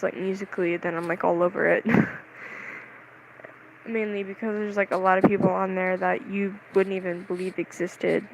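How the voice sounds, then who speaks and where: A young vlogger chatting casually to the camera, rambling and excitable, with lots of "like"s and giggles. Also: mid-range voice, creaky, slight background noise, low-quality recording. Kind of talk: casual vlog chat.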